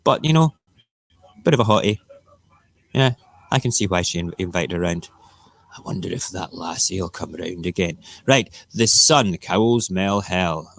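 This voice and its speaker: A man with a lowish voice, ranting and mocking his way through the morning news as host of a casual live show. The sound is dry and close, with no room around it. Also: expressive, a little slow, gravelly, fairly bright tone, dry recording. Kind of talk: casual live-stream commentary.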